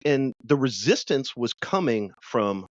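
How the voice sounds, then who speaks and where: A man's voice: medium pitch, big pitch swings, measured pace, no room sound, lo-fi sound. A man hosting a podcast in casual chat, often repeating a word as he starts a sentence. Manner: stammering, repeats words when starting. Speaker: podcast host.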